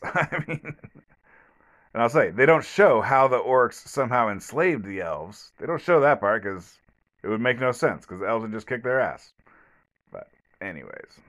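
A man's voice: on the low side, a bit bright. A man hosting a solo podcast review from home, rambling with many fillers and restarts in a blunt, sarcastic way. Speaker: podcast host. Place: at home, alone.

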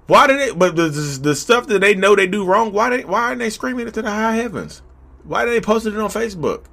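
A man speaking to camera in a fairly high voice that swings widely in pitch. He talks casually and preaches a little, addressing his viewers again and again. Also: animated, fast talker, gravelly, sharp tone. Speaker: vlogger.

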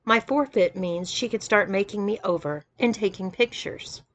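A woman's voice: mid-range voice, moderate pace, close to an everyday voice. Woman reading flustered young guy, stammers, defensive, audiobook. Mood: confessing. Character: flustered young man, the story's narrator, hiding a past.

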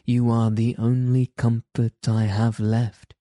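A man reading the soft, sad lines of a gentle poor young girl in a fairy tale, without changing his voice much. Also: medium pitch, flat delivery, slow, no echo, studio quality, close to an everyday voice.

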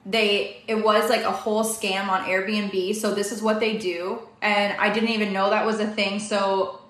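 A young woman from Canada, a guest telling a story in a casual, animated way, quick and full of "like" fillers. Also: mid-range voice. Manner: fast, animated, many "like" fillers. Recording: echoey room.

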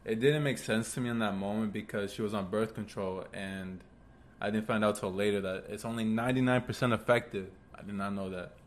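A young man with a somewhat low voice tells a personal story in loose, casual podcast chat. He rambles a bit and fills his pauses with "um" and "like", and a faint hum of room ambience sits behind him. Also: steady tone. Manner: laid-back storytelling with frequent fillers. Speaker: podcast co-host.

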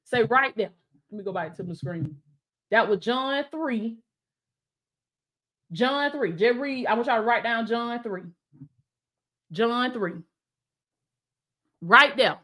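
A woman's voice: a little high, expressive, slow pace, long pauses, bright, forceful tone. A woman preacher and coach preaching fervently on a live stream, repeating phrases and calling out to her viewers.

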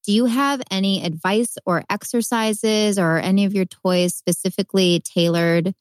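A woman co-hosting a podcast, asking the guest questions on behalf of listeners in a measured way. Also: medium pitch, steady tone, dry recording, clean studio sound. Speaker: podcast co-host. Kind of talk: interview questions.

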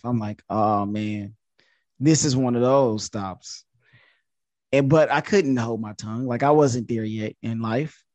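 A man in his thirties, a podcast guest, telling a story in a casual, animated way and jumping up in pitch when he quotes himself. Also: no room sound. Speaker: podcast guest, social media influencer.

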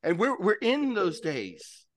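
A man's voice: high voice, huge pitch swings, slow, no echo. A man preaching in conversation, emphatic and exhorting, with frequent "listen" and "okay".

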